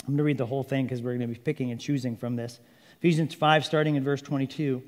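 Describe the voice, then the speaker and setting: A man preaching a sermon, an animated storyteller who jokes and acts out little scenes. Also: medium pitch, fast, in a large hall. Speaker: pastor.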